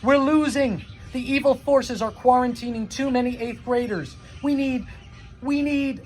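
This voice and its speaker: A man voicing a panicked schoolboy lookout who shouts warnings through a megaphone. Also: very high-pitched, steady tone, a little slow, soft background music, voice pushed up. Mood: frantic. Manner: frantic shouting.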